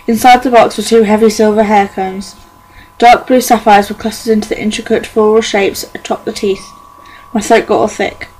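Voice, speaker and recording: A woman's voice: medium pitch, level tone, moderate pace, a little mellow, slight background noise, poor audio. A young woman reading a novel aloud at home as a fan audiobook, earnest, with occasional stumbles and restarts. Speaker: amateur audiobook reader. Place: bedroom at home.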